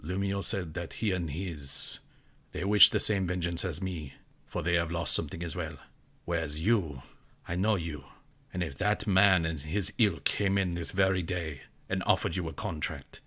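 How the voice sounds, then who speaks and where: A man voicing a determined female warrior with clipped, defiant speech. The voice stays low and bright. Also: moderate pace, breathy edge. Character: angry, determined female warrior seeking vengeance.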